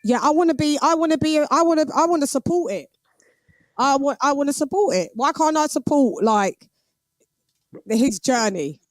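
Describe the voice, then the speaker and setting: A woman hosting a boxing livestream, chatting casually with patois slang and lively banter. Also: high voice, moderate pace, dry recording.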